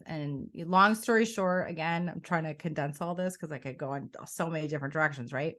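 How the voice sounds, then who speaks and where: A middle-aged woman coach in a conversational interview, telling her story in an animated way and often quoting her own past thoughts. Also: deep voice, moderate pace, few pauses. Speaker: coach and academy founder.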